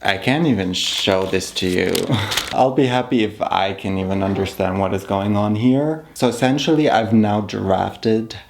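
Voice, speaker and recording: Low, gravelly-voiced chatty man. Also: a little slow, soft background music. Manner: chatty, self-deprecating, laughs often. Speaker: fashion vlogger. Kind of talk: casual chat while sewing.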